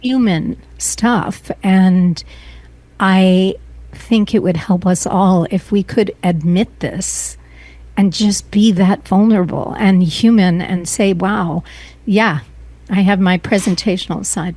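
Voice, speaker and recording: A middle-aged woman as an interview guest, speaking earnestly and emotionally, often pausing and restarting her sentences. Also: fairly low pitch, dark tone, dry recording. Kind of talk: personal interview.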